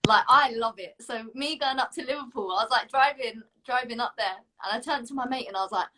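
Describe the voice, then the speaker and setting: A woman's voice: on the high side, fairly quick, pushed and bright. A young woman from the south of England hosting an interview, chatty and enthusiastic. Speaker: host. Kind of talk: casual interview chat.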